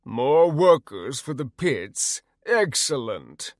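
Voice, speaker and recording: A man's voice: mid-range voice, sing-song, no room sound, clean studio sound. A man playing a scheming fire troll. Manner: slow, deliberate, suspicious. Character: suspicious, scheming male fire troll slaver.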